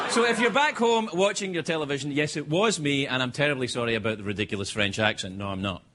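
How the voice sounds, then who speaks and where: A man's voice: fast, hardly any pauses, very noisy. A Scottish man hosting a late-night show, telling self-mocking stories in a stand-up monologue. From Scotland. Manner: animated, self-mocking storytelling with sudden high-pitched bursts. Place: television studio with live audience.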